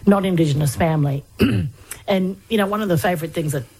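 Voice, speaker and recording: Husky, low-voiced woman interviewer. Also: quick pace, a little mellow. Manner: hesitant, with many fillers and restarts. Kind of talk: conversational interview.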